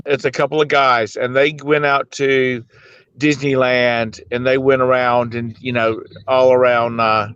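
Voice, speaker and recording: Casual male co-host on a video call, smooth voice, rambling stories, muffled lo-fi line. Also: mid-range voice, little pitch movement, a bit bright. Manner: easygoing storyteller, rambles with "uh" pauses. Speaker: co-host of a daily live show. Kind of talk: casual chat. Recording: dull lo-fi video call audio.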